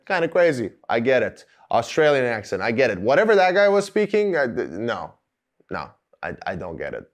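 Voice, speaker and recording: A man hosting a film-review talk to camera, rambling with sarcastic jokes and asides. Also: mid-range voice. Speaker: show host reviewing films.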